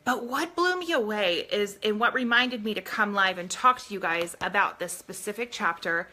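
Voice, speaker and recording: Woman, bright clear voice, casual live stream host, earnest, speaks straight to viewers. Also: mid-range voice, normal speed. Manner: earnest, addresses viewers directly. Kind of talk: casual live stream talk and reading aloud.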